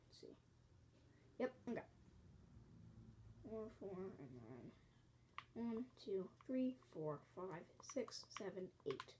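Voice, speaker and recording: A woman's voice: a little high, dark tone, a little hiss or hum. A woman teaching a building game step by step, counting blocks aloud, apologizing often as she fights off a cough at home. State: bouts of coughing. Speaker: game tutorial host.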